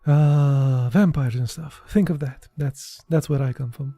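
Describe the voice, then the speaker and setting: A man from Romania with a Romanian accent, reading a short story aloud in a slow, deliberate way and breaking off into casual asides. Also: medium pitch, steady tone, dark tone.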